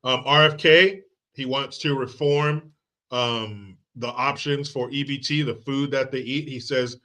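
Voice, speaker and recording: A man's voice: medium pitch, steady tone, unhurried, bright, forceful tone. A man hosting a live political commentary stream, casual and profane, joking with the chat and quoting movies. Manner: loose and joking, reads chat aloud, drops into movie quotes; profane, sarcastic.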